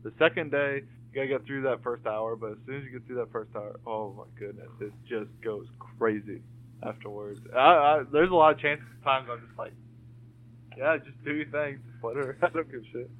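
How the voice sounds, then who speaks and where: A man in casual podcast chat, rambling through his thoughts with plenty of fillers and casual swearing. His voice comes through a thin, phone-like call line, at an ordinary middle pitch. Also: a little fast. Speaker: podcast co-host. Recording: tinny phone-like call audio.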